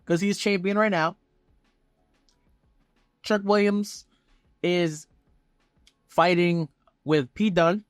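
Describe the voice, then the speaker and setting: A man talking as a vlogger, giving casual fan commentary in an excitable, profane, rambling way. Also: sits high, slow, long pauses, clear, resonant tone, dry recording, studio quality, soft background music. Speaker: wrestling vlogger.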